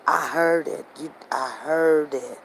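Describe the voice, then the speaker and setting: A woman hosting a casual show, telling a family story in a repetitive, animated, conversational way while walking outdoors. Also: sits low, slow pace, a little hiss or hum, low-quality recording. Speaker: show host. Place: walking outdoors near traffic.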